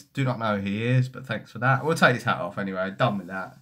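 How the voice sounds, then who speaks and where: This young man runs a football fan live stream, his lowish voice quick, pushed and bright. He swears freely and mocks as he reads out comments in casual chat.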